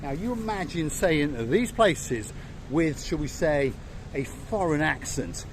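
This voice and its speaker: A man's voice: fairly high pitch, takes it slowly, a little hiss or hum. An English man hosting a playful travel vlog outdoors by a seaside resort, rambling and joking like a tour guide. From England. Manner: jokey, rambling, lively tour-guide patter. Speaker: vlogger host.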